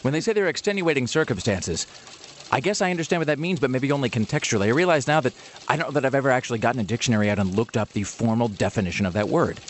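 Quick-talking wry man hosting radio. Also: mid-range voice, lively intonation, slight background noise. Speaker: radio show host. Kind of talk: casual comedic banter.

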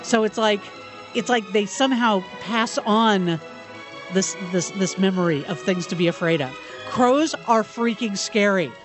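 A man's voice: sits high, over music. Man reading quirky news on radio. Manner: halting, stumbling restarts in chat. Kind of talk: reading news items and casual banter.

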